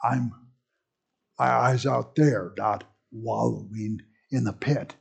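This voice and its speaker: A man's voice: medium pitch, steady tone, takes it slowly, vocal fry, slightly rough. A man leading a Bible study in a folksy, rambling way, with joking asides.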